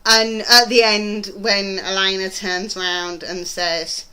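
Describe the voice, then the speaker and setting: Bright-voiced British woman gushing about TV. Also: medium pitch, flat delivery, takes it slowly. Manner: gushing, rambling, frequent ums. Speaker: TV review vlogger. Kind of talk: casual chatty TV review.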